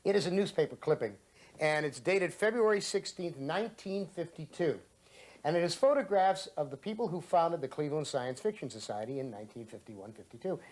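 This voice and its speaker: A man in his late fifties from Ohio, reading his own story aloud and then giving sardonic commentary in a dramatic, expressive way. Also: fairly high pitch, a little fast. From Ohio, USA. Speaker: host and author.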